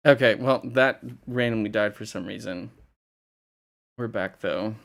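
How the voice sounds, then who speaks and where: A man's voice: lowish voice, unhurried, creaky, a bit bright. A young man from Indiana, rambling casually on a livestream, laughing and swearing as he reads chat. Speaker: livestream host.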